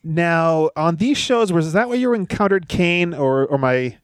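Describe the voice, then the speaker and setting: A man's voice: a little high, lively intonation, unhurried, clear, resonant tone, no echo, clean studio sound. A man hosting a podcast interview, prompting the guest with questions.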